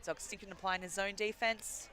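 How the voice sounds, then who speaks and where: A man giving wry, measured play-by-play commentary on a live game. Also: high voice, steady tone, pushed and bright. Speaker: sports commentator.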